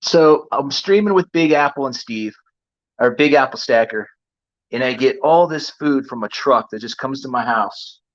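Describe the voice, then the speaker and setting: A man hosting a live stream, telling an excited, rambling story in casual chat. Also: medium pitch, moderate pace, lo-fi sound. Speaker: livestream host.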